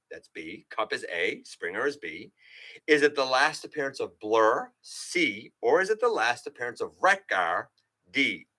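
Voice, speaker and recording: Lively, bright-voiced man hosting a livestream. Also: medium pitch. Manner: animated, chatty, quiz-master questions to viewers. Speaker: live show host. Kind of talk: casual livestream chat reading viewer comments.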